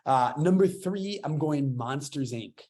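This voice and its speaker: A man's voice: fairly high pitch, animated, unhurried, mellow. A young man in his twenties hosting a casual podcast, talking enthusiastically and restarting his sentences as he rambles. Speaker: podcast host.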